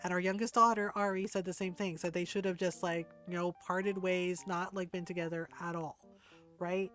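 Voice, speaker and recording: A woman's voice: on the low side, steady tone, moderate pace, fairly bright tone, faint music behind. A middle-aged woman streamer chatting casually while gaming and telling a personal story candidly, swearing freely and laughing often.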